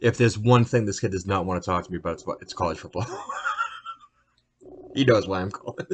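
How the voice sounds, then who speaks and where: A young man hosting a solo podcast, ranting about sports in a profane, rambling, excitable way. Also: deep voice, brisk, a little hiss or hum. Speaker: podcast host.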